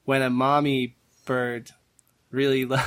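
A joking, irreverent man chats as a player on a tabletop game podcast. His mid-pitched voice is recorded dry and close, with no room sound. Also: level tone, slow, a bit bright, no room sound. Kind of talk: casual podcast banter.

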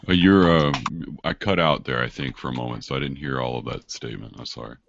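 A man's voice: rumbling low, fast talker, gravelly, fairly bright tone, slight background noise. A man running an online tabletop game as game master, rambling through rules with many fillers, heard over dull lo-fi voice chat.

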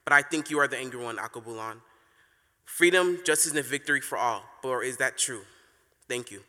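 A man's voice: medium pitch, a little fast, pushed and bright. A teenage boy performing a solemn spoken word poem on stage. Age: teens. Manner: solemn, declamatory. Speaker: youth slam poet. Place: theater stage. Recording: long reverb of a large venue.

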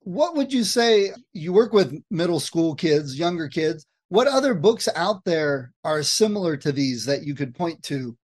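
Woman podcast host, lowish voice, short encouraging replies. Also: very animated, a little slow, few pauses, a little mellow. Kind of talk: casual interview.

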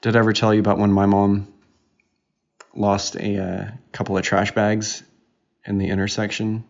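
A man's voice: lowish voice, monotone, moderate pace, vocal fry. A man co-hosting a casual family podcast with his daughter, talking in a teasing, playful way. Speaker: podcast co-host, father. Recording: dull lo-fi recording.

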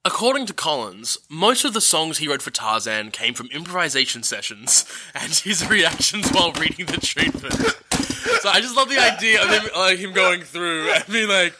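A man co-hosting a podcast in casual chat, playful and quick to laugh as he reads out facts and reviews. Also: on the high side, lively intonation, bright, forceful tone, slightly rough. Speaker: podcast co-host.

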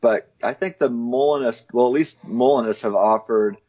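A man's voice: medium pitch, moderate pace, warm tone. A man, a guest in a casual interview, explaining theology in a thoughtful way and laughing lightly between points. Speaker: guest, Christian philosopher. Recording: dull lo-fi audio.

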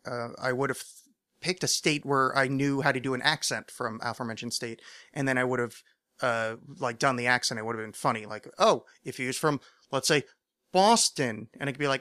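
A man's voice: mid-range voice, lively intonation, a little fast, a bit bright, dry recording, studio quality. A man hosting a solo podcast, chatting casually in a rambling, self-mocking way with lots of fillers. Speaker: podcast host.

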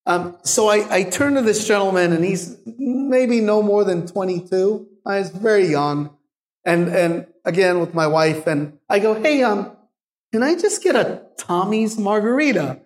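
A middle-aged man, a guest bartender, telling animated stories in a live Q&A and laughing often. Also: high voice, a little slow. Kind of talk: live Q&A storytelling. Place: bar venue with audience. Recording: echoey live venue.

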